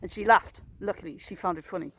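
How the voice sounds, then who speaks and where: A woman talks into a handheld phone as she walks outside. Her delivery is loose and rambling, full of jokes at her own expense. She sounds relaxed and chatty, like she is speaking with friends. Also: lowish voice, quick pace, slight background noise. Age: 30s. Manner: rambling, jokey, self-mocking storyteller. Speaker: vlogger walking her dogs. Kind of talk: casual chat to a phone camera. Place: outdoors, walking in a public area.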